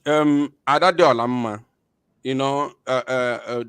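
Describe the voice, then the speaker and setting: Slow hesitant man commenting. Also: mid-range voice, fairly bright tone, smooth, no room sound. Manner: hesitant, many fillers, rhetorical questions. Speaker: online show host.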